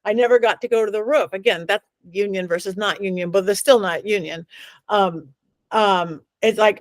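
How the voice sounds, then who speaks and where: A woman's voice: mid-range voice, normal speed, dry recording. A middle-aged woman telling dramatic stories as an interview guest, acting out the voices of the people she quotes. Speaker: psychic medium guest. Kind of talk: animated interview storytelling.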